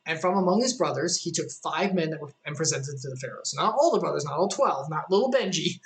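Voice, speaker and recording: A streamer works through a Bible passage in casual, chatty commentary. The reading runs at a middling pitch, and the speaker often breaks off for quick asides and jokes. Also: animated, low-quality recording. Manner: conversational, joking asides, many "like" fillers. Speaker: streamer leading a devotional.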